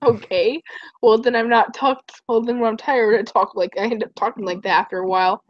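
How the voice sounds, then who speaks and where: A woman's voice: a little high, steady tone, a little fast, dry recording. Giggly, rambling young woman streamer. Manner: rambling, giggly, tells stories with acted quotes. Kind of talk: casual chat. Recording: dull, muffled stream audio.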